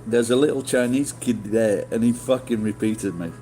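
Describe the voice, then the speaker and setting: A man's voice: mid-range voice, normal speed, mellow, soft background music. Rambling, swearing man. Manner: rambling, swearing, many restarts and fillers. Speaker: livestreamer. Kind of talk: casual storytelling to chat.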